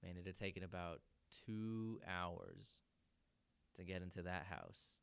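A man's voice: low voice, fairly even intonation, measured pace, gravelly, clear, resonant tone. A man casually telling a personal story, loose and profane, peppering his talk with "dude" and "man".

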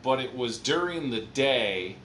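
A male co-host trades casual comedy banter and rambles through self-deprecating stories. His pitch is ordinary for a man. Faint background noise sits under his voice. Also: animated, unhurried, fairly bright tone, reverberant. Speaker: podcast co-host.

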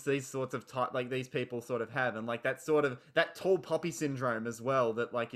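A man's voice: mid-range voice, fairly bright tone. A man hosting a casual film podcast, talking enthusiastically and rambling. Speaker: podcast host.

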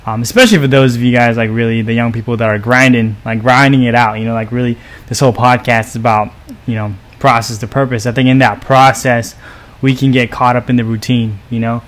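A man sharing his thoughts in a relaxed podcast chat, his voice at an ordinary middle pitch. He circles around his point with lots of "um" and "like", calm and reflective. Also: a little fast. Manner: rambling, many fillers, reflective. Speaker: podcast co-host. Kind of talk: casual faith podcast chat.

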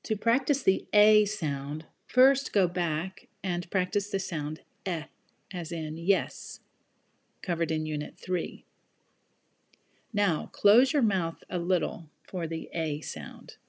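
A woman teaching a scripted pronunciation lesson, carefully enunciated and measured. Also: on the low side. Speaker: pronunciation instructor.

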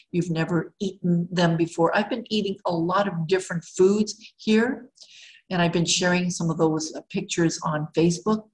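Upbeat woman life coach, slightly low voice. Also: low-quality recording. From Canada. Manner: upbeat, encouraging, talks straight to the viewer. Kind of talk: casual motivational vlog.

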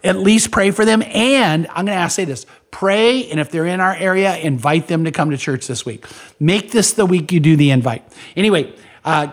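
A man's voice: fairly high pitch, moderate pace. A man preaching as a pastor on a podcast, earnest and repeating key lines for emphasis. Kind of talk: podcast sermon.

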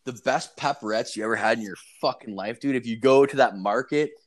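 A man's voice: mid-range voice, brisk. A man telling rambling, profane stories in a casual online voice call. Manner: profane, rambling, animated storytelling. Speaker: storyteller in casual chat. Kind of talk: casual chat.

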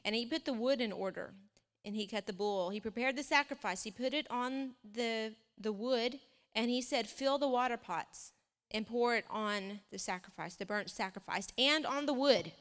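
A woman preaching a sermon, reading scripture aloud with lively asides. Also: on the high side, normal speed. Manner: animated, reads scripture aloud with asides and laughs. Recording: long reverb of a hall.

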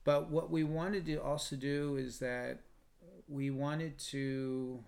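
A man's voice: fairly high pitch, takes it slowly, creaky. A man, a choir founder, telling a story in a casual podcast interview and bringing the people he quotes to life. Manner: animated storyteller, quotes others in lively voices.

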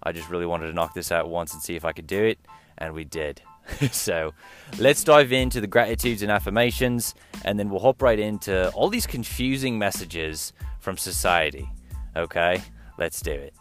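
A man's voice: low voice, moderate pace, fairly bright tone, faint music behind. A man doing a playful put-on accent that mixes British, Australian and Irish sounds while hosting his podcast intro. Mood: chatty. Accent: put-on mix of British, Australian and Irish. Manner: playful, loose, running with it. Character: the host himself in a jokey mixed accent. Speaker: podcast host.

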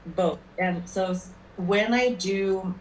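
A woman's voice: fairly low pitch, takes it slowly. A woman working as a spirit medium, telling stories in a chatty way in a casual interview. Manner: chatty anecdotal storyteller, checks in with "okay?". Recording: roomy, distant mic, faint noise.

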